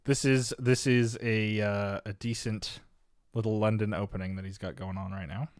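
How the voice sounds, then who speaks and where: A young man from Canada, chatting casually as he streams chess, rambling and swinging between low mumbles and loud exasperated bursts. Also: little pitch movement, normal speed, no room sound, clean studio sound. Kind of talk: casual live-stream chat.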